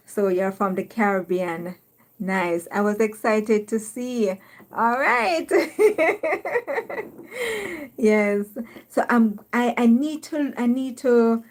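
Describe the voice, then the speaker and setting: A Jamaican woman with a Jamaican accent and a medium-pitched voice hosts a casual live stream. She reads viewer comments aloud and laughs often.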